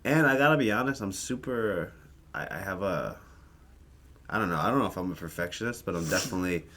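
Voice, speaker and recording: A man's voice: low-pitched, expressive, fast talker, a bit bright. A young man, a rapper, chatting as a podcast guest, loose and casual, with some swearing.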